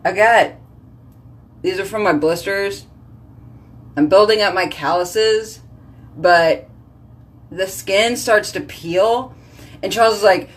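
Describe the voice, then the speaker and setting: A woman's voice: medium pitch, slow pace, long pauses. A woman, chatting casually in a vlog, sassy and joking as she rambles. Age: 30s. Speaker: vlogger.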